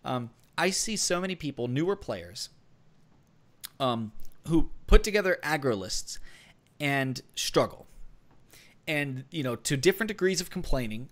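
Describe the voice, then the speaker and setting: A man's voice: a little high, animated, measured pace, pauses often, fairly bright tone. A man co-hosting a gaming podcast, giving casual strategy advice in a rambling way with many fillers and restarts. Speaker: podcast co-host.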